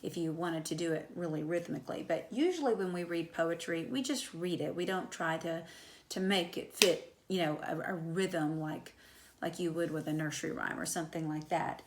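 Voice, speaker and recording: A woman's voice: lowish voice, moderate pace, echoey room, a little hiss or hum. A woman teaching an English class in a recorded lecture, explaining step by step with frequent fillers like "um" and "so.". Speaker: high school English teacher.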